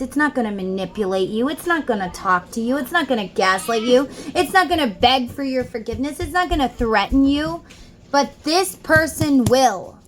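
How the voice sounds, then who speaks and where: There's slight background noise as a tarot reader with a slightly high voice gives an informal reading from home. She talks casually and reads lyrics from songs in between explaining the cards.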